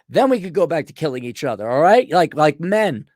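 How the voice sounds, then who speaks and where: Animated sarcastic man, dry close sound. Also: fairly high pitch, brisk, dry recording. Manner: animated, sarcastic, jumps into mocking voices. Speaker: podcast host. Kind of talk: casual opinion monologue.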